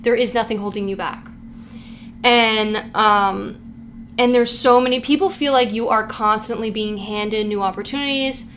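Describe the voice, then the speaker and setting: A woman's voice: a little high, steady tone, a little slow, fairly bright tone, a little hiss or hum. A woman giving a casual pick-a-card tarot reading, hyped up and swearing freely, with "like" in almost every sentence. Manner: hyped, profane, heavy use of "like". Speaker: tarot reader.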